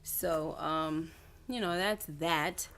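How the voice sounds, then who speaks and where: A woman's voice: low voice, very slow, fairly bright tone. A woman hosting a faith-based wellness livestream, talking candidly and confessionally to her viewers in loose, rambling sentences. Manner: rambling with frequent restarts and asides. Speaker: doctoral student. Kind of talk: casual livestream chat.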